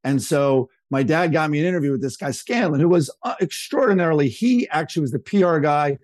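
A man's voice: on the high side, lively intonation, brisk, darkish tone, no echo. A middle-aged man, a podcast guest, telling rambling stories in a casual, chatty way. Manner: chatty, rambling, acts out quoted people. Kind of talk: casual anecdotal storytelling.

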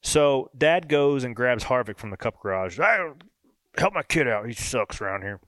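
A man in his thirties, co-hosting a podcast and telling a racing story in a casual, animated way. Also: mid-range voice, moderate pace, no room sound. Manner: animated storyteller, acts out quoted voices. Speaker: podcast co-host and race driver.

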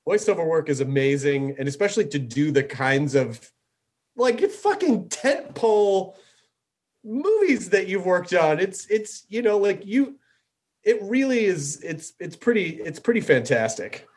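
A middle-aged man with a fairly high voice hosts a loose conversation. He talks eagerly, with lots of filler words and casual swearing. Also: big pitch swings, a little slow, darkish tone. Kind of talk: casual podcast chat.

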